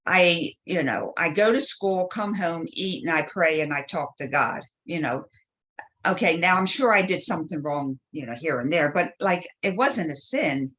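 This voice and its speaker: A woman's voice: lowish voice, expressive, normal speed, a bit bright. A woman guest in a spiritual interview who tells her stories with feeling and acts out the voices of people she quotes. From Polish family background.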